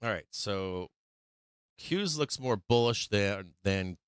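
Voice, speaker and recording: Casting: male live-stream trading host, very clear crisp voice, dry close sound, mid pitch, teasing, swears freely. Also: lively intonation, slow pace, no echo. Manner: talks to the chart teasingly, swears, laughs often. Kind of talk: casual live-stream commentary.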